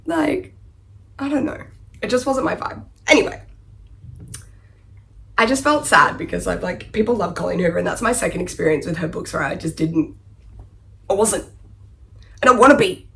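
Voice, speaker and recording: A woman vlogger chats about books in a casual, animated way. Her voice has a gravelly fry. She restarts her sentences and keeps apologizing for her opinions. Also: on the low side, moderate pace, pauses often. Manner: chatty, apologetic, full of "like" and trailing restarts; animated, emphatic, playfully apologetic. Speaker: book vlogger. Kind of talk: casual book review chat.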